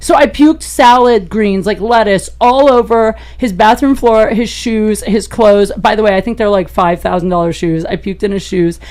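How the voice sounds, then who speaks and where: A woman comedian, a podcast guest, telling a raunchy personal story in an animated way and laughing as she goes. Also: moderate pace, few pauses. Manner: animated, gets loud and high-pitched as the story peaks; laughs through her own story.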